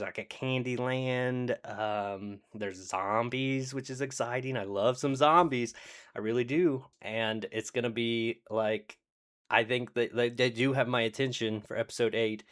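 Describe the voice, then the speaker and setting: Rambling, sarcastic male show reviewer. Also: medium pitch. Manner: rambling, sarcastic, acts out characters' lines. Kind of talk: casual review monologue.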